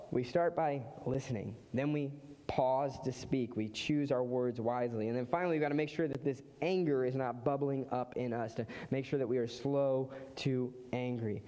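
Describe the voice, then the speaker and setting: A pastor preaches a sermon in a church sanctuary, speaking conversationally with emphatic repeated phrases. His medium-pitched voice is mellow, and the large hall gives it a long reverb.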